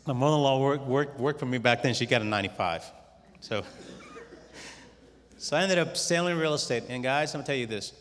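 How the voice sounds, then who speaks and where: A middle-aged man giving a testimony talk to a conference audience, telling his story in a lively way and acting out his own quoted words. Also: medium pitch, brisk, long pauses. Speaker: conference speaker. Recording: long hall reverb.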